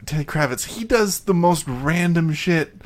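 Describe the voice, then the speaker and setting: A man's voice: a little high, moderate pace. A man co-hosting a casual motorsport podcast, retelling stories with laughter and mimicry. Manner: storytelling, laughing, animated retelling. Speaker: podcast co-host. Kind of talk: casual chat.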